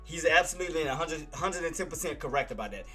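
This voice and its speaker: A high-pitched man with a bright, forceful voice runs a live market commentary stream. He talks straight to his chat, repeats his points and swears freely. Soft music plays faintly in the background. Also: animated, quick pace, slightly rough. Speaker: trading stream host.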